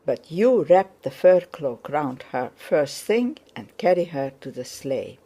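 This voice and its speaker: A woman reading the part of a brisk, scheming young male officer who barks orders in a low, slow voice. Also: very animated, full character voice. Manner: brisk, commanding, shouts orders.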